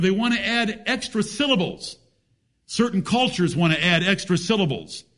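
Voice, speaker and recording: A man's voice: high voice, a bit bright. A man preaching a sermon, emphatic, with rhetorical questions and folksy jokes.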